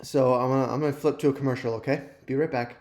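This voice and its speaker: Talking fast in a steady, darkish, medium-pitched voice, the man hosts a live youth ministry stream, chatting casually with viewers and making light of himself. The sound carries a roomy echo.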